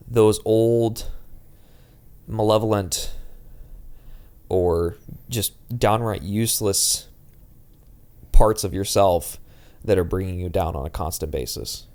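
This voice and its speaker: A man co-hosting a podcast, speaking in a halting, intense way with frequent restarts. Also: on the low side, darkish tone. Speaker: podcast co-host. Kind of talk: casual podcast discussion.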